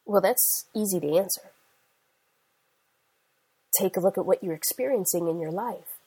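Middle-aged woman preacher, husky, earnest, conversational storytelling sermon. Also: lowish voice, normal speed, warm tone, low-quality recording.

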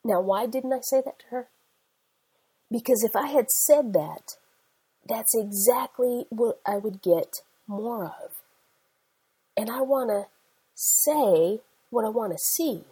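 A woman in her forties preaching a sermon, with emphatic, slowly stressed phrases. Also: a little high, dark tone, husky, low-quality recording. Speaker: Christian speaker.

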